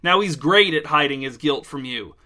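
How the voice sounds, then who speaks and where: A man voicing a brusque, bossy middle-aged man with a quick temper who gives orders. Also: on the high side, expressive, sharp tone. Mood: insistent.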